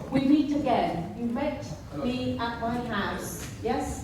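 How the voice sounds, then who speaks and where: Slow, pointed woman questioning in a hall. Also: on the high side, background noise. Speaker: resident asking a question at a public meeting. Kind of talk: public question. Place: large hall. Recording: echoey hall from far off.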